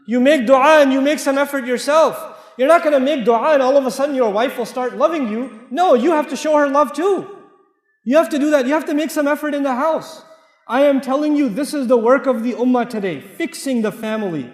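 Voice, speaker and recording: A man giving a lively sermon to a congregation, emphatic and joking, repeating his key phrases. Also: very high voice, a little fast. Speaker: preacher. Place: large hall with a congregation. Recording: echoey hall with long reverb.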